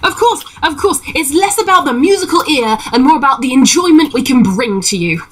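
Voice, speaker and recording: A woman voicing an excitable young male halfling pirate who greets guests theatrically. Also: brisk, poor audio. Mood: wheedling. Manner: eager, theatrical, hops between high exclamations.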